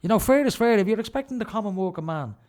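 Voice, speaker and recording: A man's voice: high voice, lively intonation, fast, darkish tone. An Irish man hosting a radio show, delivering an indignant, ranting solo monologue with heavy emphasis.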